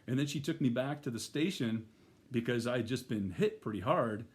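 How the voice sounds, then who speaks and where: A man's voice: mid-range voice, lively intonation, normal speed, a little mellow. A middle-aged man telling a personal story in a casual, rambling way, full of fillers and restarts. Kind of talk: first-person spoken storytelling.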